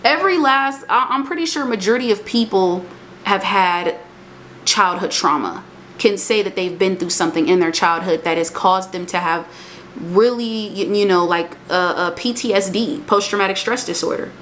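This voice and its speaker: This young female vlogger gives a casual, emphatic motivational monologue at a moderate pace. Her voice is animated and swings up into high exclamations, with a little hiss or hum in the background.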